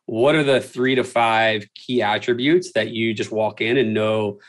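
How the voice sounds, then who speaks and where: A man's voice: lowish voice, steady tone, measured pace, poor audio. Earnest man hosting an interview. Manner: earnest, many fillers and restarts. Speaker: host. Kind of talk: interview questions and conversation.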